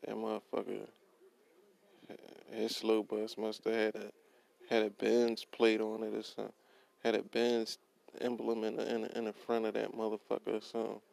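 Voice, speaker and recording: A young worker vents about his job in a blunt, profane rant, his low, gravelly voice barely changing pitch, so the cursing comes out flat and even. He repeats himself, quotes his own comebacks, and talks at a normal speed on a rough recording.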